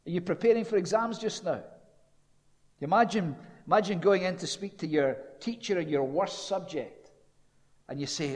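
A fairly high-voiced man delivers a sermon with lively storytelling. He dips to a low, hushed tone for quoted lines. His voice carries a long reverb from a large hall. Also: moderate pace. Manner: animated storytelling, dropping low and quiet for quoted speech. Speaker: preacher.

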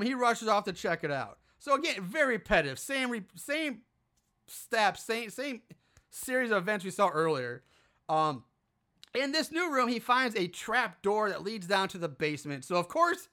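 Role: podcast host. Style: casual film recap. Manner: profane, animated, exasperated. Tone: bright, lively pitch. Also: moderate pace.

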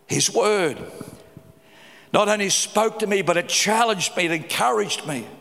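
A middle-aged man preaching a sermon with fervour, swinging between loud cries and low, quiet stretches. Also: unhurried, vocal fry. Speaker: pastor. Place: large church hall. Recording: live hall reverb.

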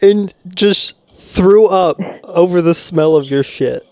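A man chatting casually on a podcast, adding quick, crude reactions. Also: high voice, a little mellow. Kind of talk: casual chat.

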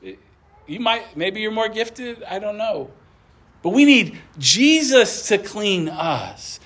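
A man's voice: high-pitched, big pitch swings, takes it slowly, a bit bright. A man preaching a sermon in a church, earnest and conversational, with asides to the congregation. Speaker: pastor.

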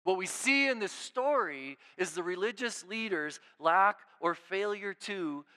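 A male pastor preaches in a relaxed, conversational way, with a fairly high voice that sounds smooth and crisp. He checks in with the room constantly and restarts his phrases. He swings between emphatic, raised lines and near-hushed asides. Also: a little slow. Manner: informal preaching, frequent "right?" check-ins and repeated restarts. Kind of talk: conversational sermon.

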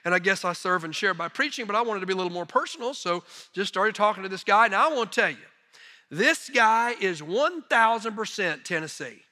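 A middle-aged man preaching as a missionary, telling folksy, self-deprecating stories in an animated way. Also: sits high, fairly quick. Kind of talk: sermon storytelling. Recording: long reverb of a large hall.

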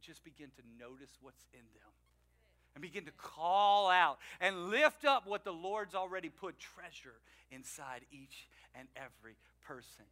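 High, sharp-voiced preaching man. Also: unhurried. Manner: animated, swings between loud emphasis and quiet asides; acts out quoted people in changed voices. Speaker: pastor. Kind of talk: sermon.

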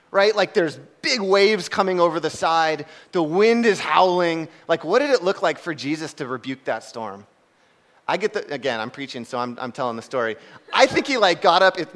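A young man preaching a casual, conversational sermon, telling a story with lively acted-out shouts. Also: high-pitched. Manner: animated, conversational, acts out shouts and laughs.

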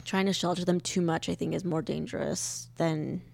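A young woman co-hosting a podcast with her husband, chatty and quick to laugh, emotional as she talks about children. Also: on the low side, steady tone, gravelly, darkish tone. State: pregnant. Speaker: podcast co-host. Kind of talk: casual chat.

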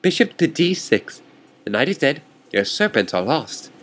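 A man's voice: medium pitch, big pitch swings, normal speed, fairly bright tone. A man voicing a smug male chess player who taunts his opponent in a theatrical, condescending manner.

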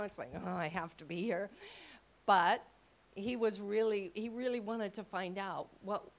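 A woman giving a sermon with slides, telling stories and quoting conversations, with frequent questions to the audience. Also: on the high side. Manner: storytelling, quotes people in dialogue. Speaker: ministry speaker.

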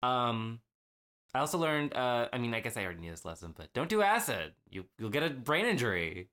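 A young adult man co-hosting a casual podcast, animated and fond of quick jokes. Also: mid-range voice. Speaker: podcast co-host. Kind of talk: casual chat.

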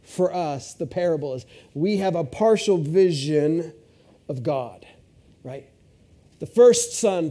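A man's voice: a little high, takes it slowly. A man preaching a sermon, retelling a story expressively. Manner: expressive, shifts voice for characters.

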